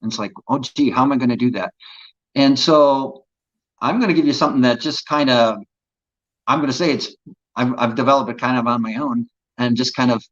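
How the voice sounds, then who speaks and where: A man's voice: medium pitch, a bit bright, dull audio. A man, an actor as an interview guest, telling earnest, reflective stories about his craft. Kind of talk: casual interview chat.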